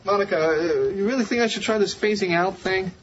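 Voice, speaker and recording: A man's voice: high-pitched, brisk, slight background noise, close to an everyday voice. An actor playing a nervous young man anxiously asking his friends for help, in a sitcom clip. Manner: anxious, pleading. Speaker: sitcom character. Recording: muffled TV clip.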